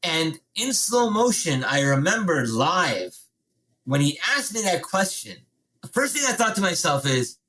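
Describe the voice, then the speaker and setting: A man telling a dramatic story as a podcast guest, animated and punchy, with some swearing. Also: fairly high pitch, measured pace.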